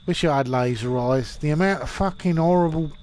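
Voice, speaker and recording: A man's voice: on the high side, fairly quick, a little mellow, a little hiss or hum. A drunk man in his forties rambling and swearing while streaming a game. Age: 40s.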